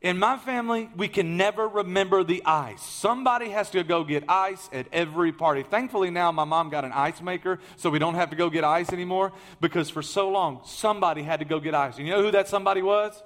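A man preaching a sermon, telling the story in a lively way that swings from loud emphasis to hushed asides. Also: sits high, fast talker, few pauses.

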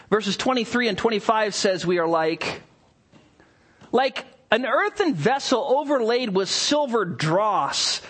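A male pastor with a high, husky voice preaches a sermon. He alternates between hushed asides and excited bursts, and acts out little scenes with playful voices.

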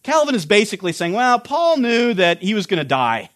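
A man's voice: high-pitched, very animated, fairly quick, a bit bright. A man teaching a Bible study lecture, explaining a text earnestly with frequent restarts.

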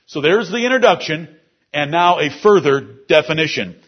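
A male preacher with a high, slightly husky voice delivers an expository sermon to his congregation. He walks through scripture word by word, explaining the grammar of each verse. The recording sounds dull and lo-fi. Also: expressive, measured pace. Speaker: pastor. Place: church service.

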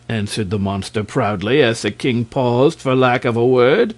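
A man narrating a storybook audiobook chapter with measured, expressive storytelling. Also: medium pitch. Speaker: audiobook reader.

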